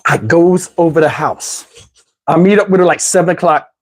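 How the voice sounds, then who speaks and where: A man doing stand-up storytelling, animated and addressing the audience. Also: fairly high pitch, normal speed. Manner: animated, talks to the audience, mimics voices. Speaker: comedian telling a story.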